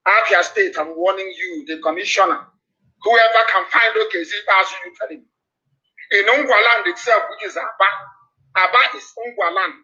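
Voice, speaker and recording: Male broadcaster, high tense voice, repetitive threatening delivery, lo-fi sound. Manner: forceful, repetitive warnings. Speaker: political broadcaster. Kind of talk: fiery live radio address. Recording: dull lo-fi broadcast audio.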